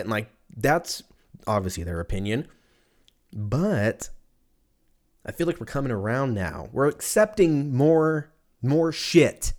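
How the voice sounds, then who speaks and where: A man's voice: mid-range voice, sing-song, measured pace, pauses often, a little mellow. A man in his thirties hosting a podcast, ranting casually in a profane, rambling, sarcastic way. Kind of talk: casual rant.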